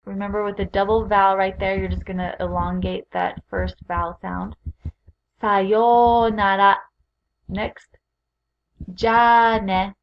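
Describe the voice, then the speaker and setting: A woman teaching a recorded beginner language lesson, speaking clearly and patiently as she leads repeat-after-me drills. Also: mid-range voice, monotone, normal speed, hardly any pauses, muffled recording. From Utah.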